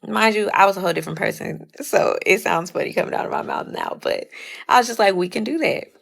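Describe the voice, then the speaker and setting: A woman's voice: medium pitch, fast, gravelly, a bit bright. A young woman casually telling a personal story, retelling it with lots of "I was like" quotes.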